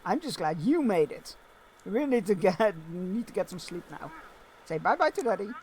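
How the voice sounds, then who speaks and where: A man playing a gentle, caring mother. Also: high-pitched, big pitch swings, moderate pace, a little hiss or hum. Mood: tender.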